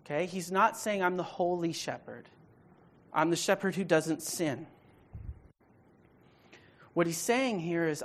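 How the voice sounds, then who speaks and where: Unhurried and pausing often, a female Bible teacher leads an evening study emphatically, checking in with listeners through questions. Scripture read aloud brings her voice to a loud, forceful pitch.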